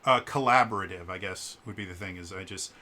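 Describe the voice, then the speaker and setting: A man telling a casual story in a vlog, animated and acting out the quoted lines, with fillers and stammered restarts. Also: brisk. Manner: animated, acts out quoted lines with shifts in pitch. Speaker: vlogger.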